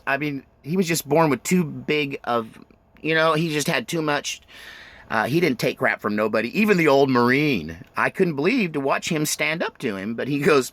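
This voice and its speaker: A man's voice: on the high side, lively intonation, moderate pace, fairly bright tone, no echo. A middle-aged man telling his own life story in a rambling, self-interrupting way, full of fillers and restarts. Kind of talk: autobiographical storytelling.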